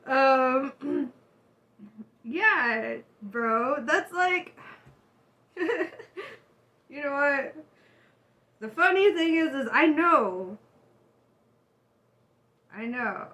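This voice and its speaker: A woman giving a casual tarot reading to her viewers, chatty and animated, who laughs often and swears freely. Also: high-pitched, drawn-out words, long pauses. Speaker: tarot reader.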